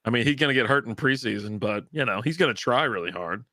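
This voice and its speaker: A man with a bright, forward voice, chatting loosely and swearing freely as he riffs on football. He drifts into mocking impressions of announcers. The sound is close and dry, with no room around it. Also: mid-range voice, expressive, fast, no room sound. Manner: loose, profane, mocking asides. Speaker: co-host. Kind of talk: casual chat.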